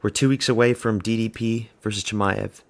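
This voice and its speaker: Guy w a lowish gravelly voice rambling thru his fight picks, blunt and loose. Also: steady tone, a little fast. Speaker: MMA fan host of a watch party stream. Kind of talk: casual live reaction commentary.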